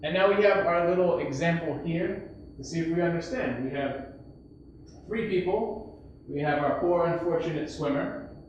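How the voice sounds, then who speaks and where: A man gives a patient English grammar lesson, his fairly high voice carried from across a very echoey classroom. The sound is dull and lo-fi, with a faint hiss behind him. He now and then bursts into a shouted example to make a point. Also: far from the mic. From United States. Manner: patient, explains slowly, acts out shouted examples. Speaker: English teacher.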